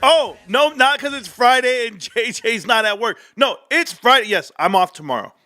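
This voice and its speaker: Bright, high-voiced man ranting about stocks. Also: normal speed. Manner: animated, joking, talks to chat directly. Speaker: stock market livestream host. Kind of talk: casual livestream rant.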